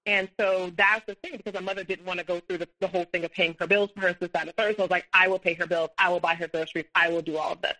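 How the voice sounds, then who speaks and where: A woman's voice: lowish voice, bright, forceful tone, rough recording. A woman guest on a podcast, telling a personal story with many fillers and restarts, and acting out the dialogue she quotes. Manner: acts out quoted dialogue, rising when heated.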